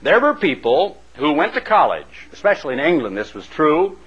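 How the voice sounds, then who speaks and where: A man's voice: a little high, big pitch swings, moderate pace, a bit bright, breathy edge, lo-fi sound. A man delivering a radio sermon as an evangelist broadcaster, with dramatic emphasis. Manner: dramatic, swooping emphasis with acted-out voices.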